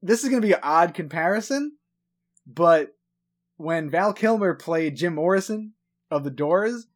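A man from Long Island chatting casually on a podcast. His voice sits slightly high and he swears freely. He stumbles and restarts as his thoughts pile up. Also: animated, measured pace. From New York, Long Island. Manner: rambling, stuttering, swears a lot. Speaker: podcast co-host. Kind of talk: casual chat.

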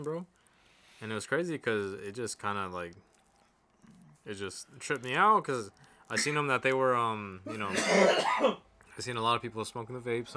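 A man's voice: medium pitch, background noise. A man co-hosting a casual podcast chat, telling a rambling story in a laid-back, slang-heavy way. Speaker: podcast co-host.

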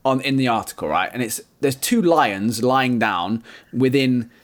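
A man's voice: medium pitch, expressive, measured pace. A man co-hosting a comedy podcast, reading out a news story and often cracking up at it. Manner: reads aloud and breaks into giggles, exasperated.

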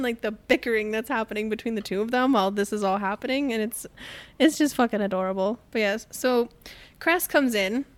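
A young woman co-hosting a casual book podcast, retelling scenes with lots of laughter and acted-out quotes. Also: on the high side. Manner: animated storytelling, quick to laugh, acts out quotes. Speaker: podcast co-host.

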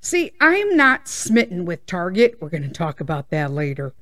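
A woman's voice: lowish voice, sing-song, moderate pace, a bit bright. Chatty woman rambling with laughs. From Midwest US. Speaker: podcast host. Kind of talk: casual personal chat.

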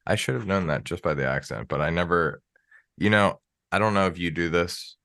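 A low-pitched American man hosts a podcast, his tone bright and forceful. He talks in a loose, rambling way, full of filler words. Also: a little fast. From United States. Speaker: podcast host. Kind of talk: casual interview chat.

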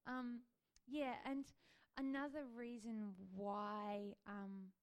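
A woman in her thirties sharing a personal faith testimony in a gentle, earnest way, with frequent ums and likes. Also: a little high, flat delivery, drawn-out words, clear, resonant tone.

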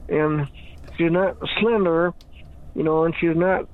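A man's voice: a little high, steady tone, slow. A man chatting in a rambling, giggly way, often restarting his sentences and laughing. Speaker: podcast regular. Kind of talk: rambling casual chat. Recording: tinny phone-like sound.

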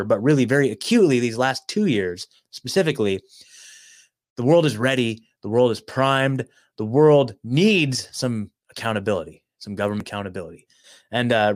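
A man's voice: medium pitch, no echo, clean studio sound. A man hosting a livestream, ranting with heated, taunting energy, swearing freely and breaking off to read news excerpts aloud. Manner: fired-up, taunting, swears a lot; reads news excerpts aloud between rants. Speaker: livestream host.

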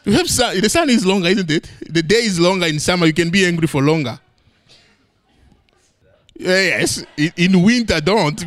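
A male preacher speaks at normal speed, playful and animated, his sermon swinging between high exclamations and low, emphatic lines.

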